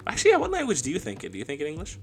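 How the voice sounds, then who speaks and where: Animated young man chatting casually. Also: on the high side, rapid-fire, gravelly, faint music behind. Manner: animated, laughing, lots of restarts and slang. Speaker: podcast co-host. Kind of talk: casual chat.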